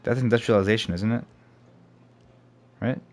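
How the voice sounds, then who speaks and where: A man's voice: fairly low pitch, steady tone, normal speed. A young man giving casual let's play commentary, thinking aloud and swearing as he plays. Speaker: gamer. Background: faint game music.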